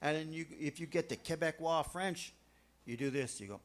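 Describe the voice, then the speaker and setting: A man's voice: on the high side, normal speed. A man from Canada, a band member telling jokey stories during an interview. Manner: animated, jokey storyteller. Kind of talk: casual storytelling in an interview.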